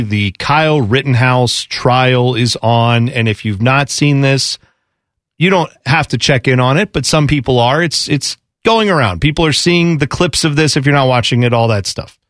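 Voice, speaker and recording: A man co-hosting a sports talk radio show, talking in a rambling, animated way and interrupting himself. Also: medium pitch, dry recording, studio quality.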